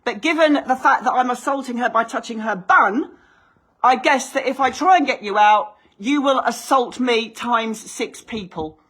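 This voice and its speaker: A woman's voice: fairly high pitch, moderate pace, fairly bright tone, husky. A woman, arguing indignantly and sarcastically with police and bailiffs inside her own home. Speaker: homeowner confronting bailiffs and police. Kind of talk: heated argument filmed at home. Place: hallway and kitchen of a house, indoors.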